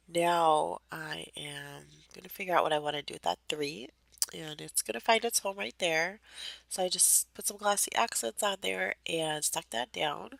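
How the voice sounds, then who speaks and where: Young woman, casual voice-over, fry in the voice, dry close sound, filler-heavy rambling, allergy-roughened. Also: deep voice, a bit bright, no room sound. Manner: rambling, many fillers, light laughs. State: voice a bit off from allergies. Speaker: crafter narrating her process video.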